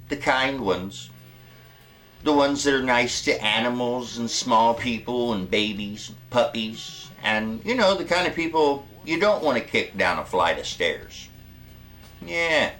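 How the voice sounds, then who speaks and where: Man hosting a horror show, slow drawl, sarcastic, swings pitch a lot, faint guitar behind. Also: a bit bright. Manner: sarcastic, rambling, bickers with an off-mic sidekick. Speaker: host. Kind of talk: comedic horror show intro.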